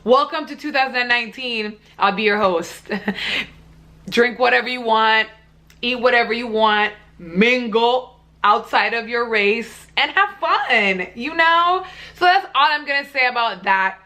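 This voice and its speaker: A woman's voice: a little high, unhurried, pushed and bright. A young woman vlogger ranting to camera in a blunt, heated, profane way. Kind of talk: casual vlog rant.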